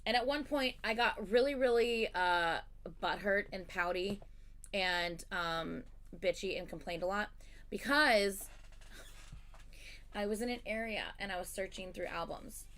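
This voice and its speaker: A woman's voice: medium pitch, measured pace, a bit bright. A woman hosting a livestream, chatting casually and animatedly as she tells a story, swearing freely. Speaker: livestream host.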